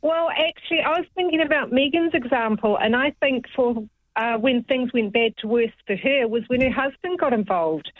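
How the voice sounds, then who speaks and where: A woman's voice: high-pitched, moderate pace, no room sound, phone-quality sound. A woman calling in to a radio show, teasing the hosts with dry humor. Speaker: caller. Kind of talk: phone-in chat.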